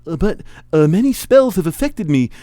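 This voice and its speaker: A man's voice: sits high, big pitch swings, moderate pace, mellow, no room sound, pitched above the performer's own voice. A man reading a hesitant young hero. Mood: protesting.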